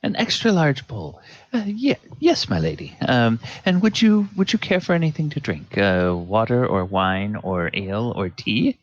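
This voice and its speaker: A fussy palace server, stammering and eager to please, as a man puts him on. The voice rises and swoops with lively pitch, heard over dull, lo-fi stream audio. Very dry, close sound. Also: normal speed, hardly any pauses, no echo. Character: polite, flustered palace server.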